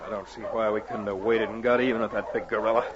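An actor playing a vengeful outlaw musher with rough backwoods talk in an old radio drama. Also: male voice, lowish voice, level tone, quick pace, close to an everyday voice. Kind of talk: 1950s radio drama acting. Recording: dull old radio broadcast with hiss.

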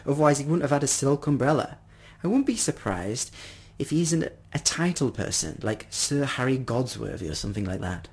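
A man voicing a stern, suspicious mother who speaks in brisk, commanding bursts. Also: mid-range voice, sing-song, darkish tone, slightly rough.

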